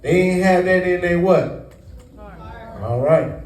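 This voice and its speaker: Speaking slowly in a high voice with a darkish tone, a Bible teacher quizzes his congregation to complete scripture passages in call-and-response style. The meeting room is echoey and the microphone sits far away.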